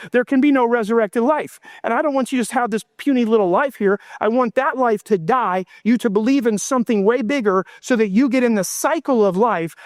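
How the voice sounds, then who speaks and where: A middle-aged male pastor preaching a sermon with fervor, slowing down for emphasis and acting out prayers and quotes. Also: high voice, dry recording, clean studio sound. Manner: impassioned preaching, voicing God and himself in quotes.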